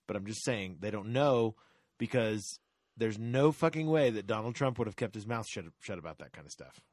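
A man's voice: fairly low pitch, lively intonation, normal speed, darkish tone, no echo. Man, casual podcast chat, swearing, theory-spinning, dry close mic. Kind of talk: casual banter.

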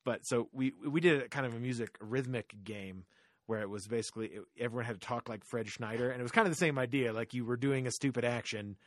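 A man's voice: mid-range voice, quick pace, no room sound, studio quality. An American man co-hosting a podcast in casual chat, rambling, stumbling over his words and laughing often. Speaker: podcast co-host.

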